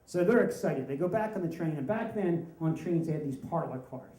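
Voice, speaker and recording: A man's voice: a little high, brisk, hardly any pauses. Wry male storyteller in a roomy hall. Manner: wry, animated storytelling with voiced quotes. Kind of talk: live story slam telling. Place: stage in a room with an audience.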